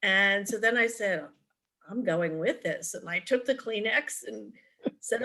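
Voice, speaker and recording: Her voice is mid-range, bright, and forceful, and she speaks at normal speed. This middle-aged woman, a parent advocate on a video call, mixes advice with anecdotes in a virtual forum, often hesitating with ums and restarts.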